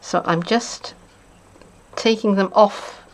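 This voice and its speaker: A woman's voice: medium pitch, fairly even intonation, slow. A woman demonstrating card making in a casual craft tutorial, chatty and thinking aloud with playful asides. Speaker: papercraft demonstrator.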